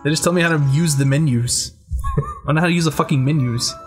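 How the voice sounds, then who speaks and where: A man's voice: fairly high pitch, fast talker. A young man giving casual, joking let's play commentary and swearing freely. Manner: joking, swears freely, reads game text aloud. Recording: faint game music behind.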